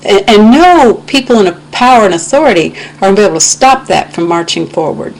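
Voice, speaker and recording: A woman's voice: mid-range voice, lively intonation, brisk, poor audio. An American woman giving an impassioned, indignant webcam rant, quoting scripture as she talks. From United States. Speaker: video blogger. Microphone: webcam microphone.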